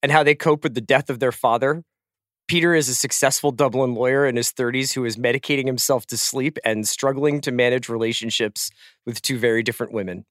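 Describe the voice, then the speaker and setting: A man's voice: medium pitch, fairly even intonation, a little fast, fairly bright tone, no echo, clean studio sound. A middle-aged man hosting a podcast, chatting casually, teasing his co-host and laughing often. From Philadelphia. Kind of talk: casual chat.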